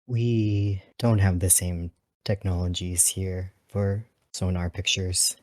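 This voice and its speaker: Man doing a deep-voiced, formal dolphin war pilot, measured delivery, dry close sound, tabletop role-play. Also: little pitch movement, a little mellow, no echo. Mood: gentle, formal. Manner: measured and formal, calls others "child".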